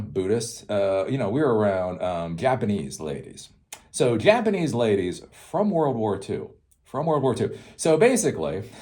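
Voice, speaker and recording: Profane rambling man with a lively voice. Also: on the low side. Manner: profane, rambling, laughs often. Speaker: host. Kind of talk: casual rant.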